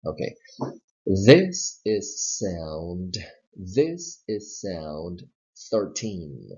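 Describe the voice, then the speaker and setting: A man with a Southern US accent teaching English pronunciation, modeling words slowly and repeating them. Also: sits low, sing-song, darkish tone. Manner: slow, modeling words with exaggerated repetition. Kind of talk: slide-based pronunciation lesson. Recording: dull lo-fi recording.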